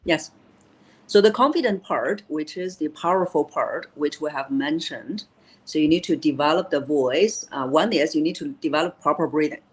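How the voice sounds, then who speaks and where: A woman's voice: low voice, normal speed, low-quality recording. Woman voice coach explaining technique. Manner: explanatory, many "uh" fillers, repeats key phrases.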